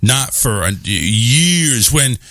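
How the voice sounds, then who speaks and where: A man's voice: mid-range voice, sing-song, extremely slow, a bit bright, no room sound, clean studio sound. A man hosting a radio show, chatting casually and joking around, sometimes slipping into silly voices.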